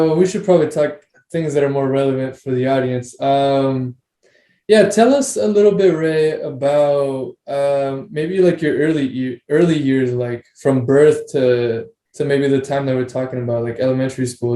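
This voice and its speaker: A man's voice: mid-range voice, warm tone, echoey room. A man hosting a casual podcast chat, rambling loosely and swearing offhand. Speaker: podcast host.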